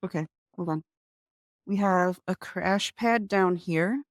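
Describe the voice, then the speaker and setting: Taking things slowly, a young, low-voiced mother of two appears as a guest in a casual interview by video call. She offers earnest explanations and mimics how she talks with her children, and the sound is dry and close without echo.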